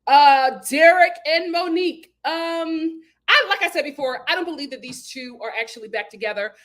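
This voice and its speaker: A woman hosting a reality TV recap in casual chat, sassy and animated, acting out the cast's lines with big laughs. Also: sits high, normal speed.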